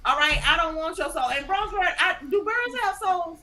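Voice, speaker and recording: A woman's voice: very high voice, lively intonation, normal speed, crowd noise. A woman on a livestream panel, trading sassy, joking retorts in casual banter. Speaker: panel guest.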